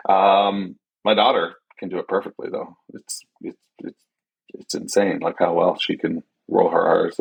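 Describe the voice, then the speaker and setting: Slow, husky-voiced male podcast host. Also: low voice, rough recording. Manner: rambling and loose, with frequent fillers and swearing. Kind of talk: casual solo podcast chat.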